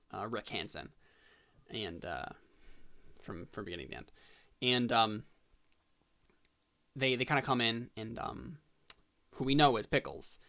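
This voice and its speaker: A man narrating as game master in a tabletop role-playing game, halting and filling pauses as he describes scenes. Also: fairly low pitch, gravelly, fairly bright tone. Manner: halting, full of fillers and restarts.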